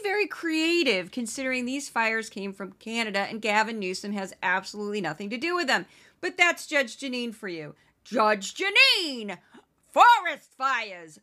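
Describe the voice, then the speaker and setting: Brief: woman podcaster, bright tone, slightly high voice, sarcastic asides. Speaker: podcast host. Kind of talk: casual political commentary.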